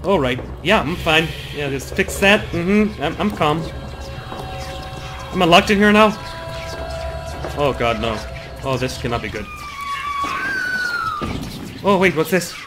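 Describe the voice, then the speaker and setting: A young man talks his way nervously through a horror game, muttering to himself and yelping at scares. His voice sits a little high for a man. Game music plays clearly behind him. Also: lively intonation, slow pace, pauses often. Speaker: gaming YouTuber. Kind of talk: horror game let's play.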